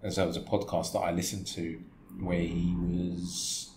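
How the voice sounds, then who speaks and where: A man co-hosting a casual football podcast, animated and laughing often as he jokes. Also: sits low, a little slow. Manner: animated, laughs a lot while joking. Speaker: podcast co-host. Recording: echoey room with faint noise.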